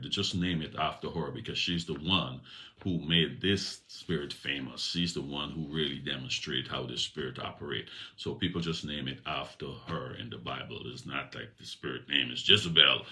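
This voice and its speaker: A man's voice: rumbling low, pushed and bright. A man giving a casual Bible teaching, reading a passage and retelling it in everyday slang. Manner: conversational, retells scripture in slang. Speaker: preacher.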